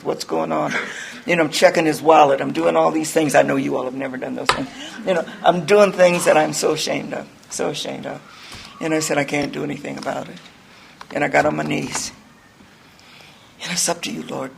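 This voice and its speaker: Gravelly-voiced older woman telling her story. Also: low voice, noisy background. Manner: candid storytelling, rambling, self-mocking. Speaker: recovery speaker. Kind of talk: personal testimony talk.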